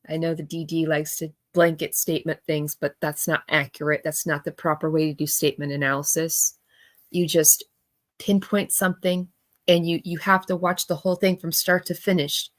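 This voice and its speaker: A woman hosting a commentary, explaining statement analysis in a halting, repetitive way. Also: sits low. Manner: halting, repeats words while explaining.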